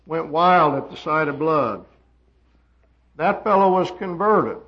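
High-voiced emphatic male preacher, lo-fi. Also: lively intonation, slow. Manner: emphatic, rising to loud high peaks then dropping quiet. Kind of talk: sermon. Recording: dull lo-fi sermon recording.

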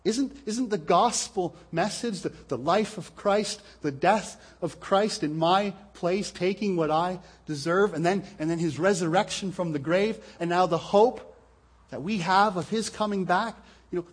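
A man preaching a sermon, earnest and explaining scripture, often repeating words as he stresses a point. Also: high-pitched.

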